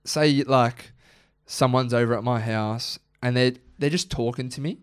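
A young Australian man co-hosting a casual podcast, animated and swearing freely. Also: mid-range voice, measured pace, smooth. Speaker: podcast co-host. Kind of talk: casual chat.

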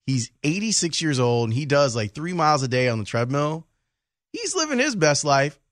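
A man's voice: fairly high pitch, sing-song, normal speed, fairly bright tone, dry recording, studio quality. A man hosting a sports radio show, telling stories in a jokey, self-mocking way. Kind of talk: casual sports radio chat. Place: radio studio.

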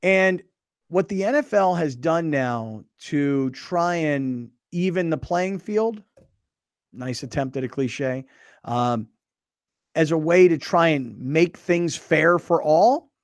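A man hosting a casual sports talk show, telling stories in an animated way and laughing often. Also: on the high side, slow pace, no echo, studio quality. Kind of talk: casual sports radio chat.

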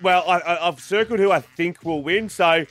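A man's voice: high voice, moderate pace, a bit bright. A man co-hosting a radio show, joking around while playfully reporting music news. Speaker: radio co-host.

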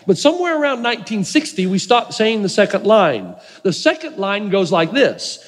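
A man preaching a sermon as a pastor, telling humorous, animated stories to a congregation. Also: sits high, moderate pace, few pauses. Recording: echoey hall reverb.

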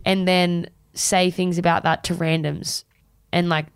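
A young Australian woman co-hosts a podcast from a studio, telling an animated story and acting out the voices she quotes. Her voice sits low, with a gravelly edge. The sound is dry and close to the mic. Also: measured pace, no room sound. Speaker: podcast co-host. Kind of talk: casual chat.

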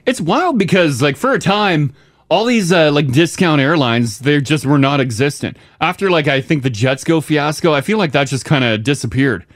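Male co-host, lively pitch, chatty storyteller. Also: moderate pace, no room sound, clean studio sound. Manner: animated storyteller with laughs. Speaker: radio co-host. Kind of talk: casual morning-show banter.

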